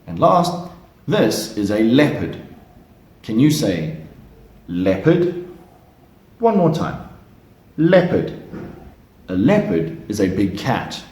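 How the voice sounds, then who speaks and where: A man running a flashcard lesson for small children, talking slowly and leaving room for them to repeat each word. His fairly low voice swings lively up and down, and the recording has a roomy echo. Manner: slow, lively, encouraging repeat-after-me prompts. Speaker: English teacher for young children. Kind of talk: slow flashcard lesson for kids.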